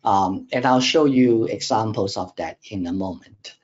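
A man presenting a technical webinar lecture, explaining in a measured way with frequent fillers and restarts. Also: on the low side, a little mellow, highs cut off.

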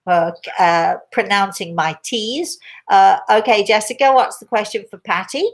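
An older English-accented woman, a spiritual medium, answers viewer questions in a live Q&A chat, gentle and rambling, restarting often. She speaks at medium pitch and a measured pace.

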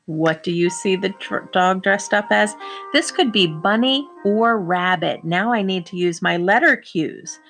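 A woman teacher reading a picture book aloud to young children, slowly sounding out words and praising them. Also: medium pitch, vocal fry, a bit bright, soft background music. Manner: slow, encouraging, sounds out words.

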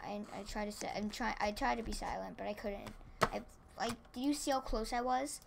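A tired woman giving casual gameplay commentary at home, excitable and rambling, repeating her exclamations. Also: mid-range voice, brisk, vocal fry, heavy background noise. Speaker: gaming channel host. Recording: keyboard clicks and typing behind.

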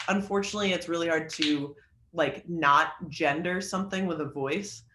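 A man's voice: a little high, moderate pace, sharp tone, reverberant, a little hiss or hum. Chatty man teaching on a video call. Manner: chatty, joking, filler-heavy. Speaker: creative writing instructor. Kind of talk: online class lecture.

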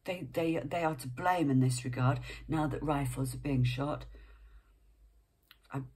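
A woman's voice: rumbling low, a little slow, darkish tone, slightly rough. A woman reading a book aloud page by page, breaking off for chatty asides and sometimes dropping to a whisper. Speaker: reader.

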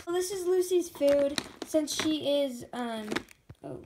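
A young woman vlogging casually at home in a chatty, excitable way, often quoting what others said. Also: high voice, takes it slowly, background noise. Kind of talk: casual vlog chat to camera.

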